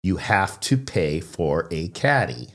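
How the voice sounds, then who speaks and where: A male podcast host with a low voice tells stories in a relaxed, easygoing chat. His pitch swings widely as he builds up each story, and he often laughs along with his guest. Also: slow pace.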